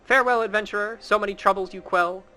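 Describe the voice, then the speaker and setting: A man's voice: sits high, steady tone, quick pace, sharp tone, soft background music, pitched above the performer's own voice, low-quality recording. A man voicing a dying game character who delivers a theatrical farewell.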